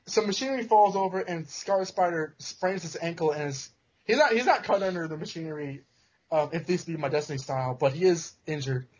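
Husky man recapping a comic. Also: fairly high pitch, brisk. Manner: joking, self-interrupting storyteller. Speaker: podcast co-host. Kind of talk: casual comic-book recap. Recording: dull lo-fi sound.

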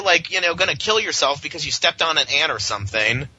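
A man's voice: a little high, sing-song, fast talker, bright, forceful tone, a little hiss or hum. A man hosting a comic book podcast, reviewing an issue in a sarcastic, exasperated, ranting way. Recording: muffled lo-fi audio.

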